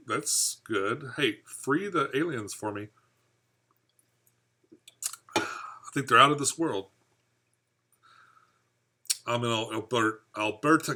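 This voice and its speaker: A man's voice: mid-range voice, lively intonation, takes it slowly, long pauses, pushed and bright. A man hosting a live fishkeeping stream, reading viewer comments aloud and chatting in a rambling, easygoing way. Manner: rambling, chatty, laughs at own jokes. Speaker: fishkeeping channel host.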